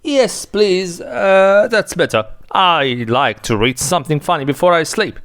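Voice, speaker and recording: A man's voice: high voice, measured pace, a bit bright, pitched above the performer's own voice. A man reading the part of a boastful young male impostor official in a dramatic reading of a play, in a smug, offhand way.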